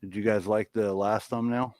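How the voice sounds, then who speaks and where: A man with a lowish voice hosts a casual livestream chat, relaxed and loose, swearing now and then. The sound is dry and close, with little room around it. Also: normal speed, dry recording. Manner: laid-back, swears casually. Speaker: livestream show host.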